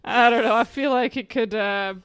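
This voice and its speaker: Chatty woman co-host, fairly high voice, dry close-miked sound, self-deprecating. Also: normal speed, smooth, dry recording. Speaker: podcast co-host. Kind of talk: casual chat.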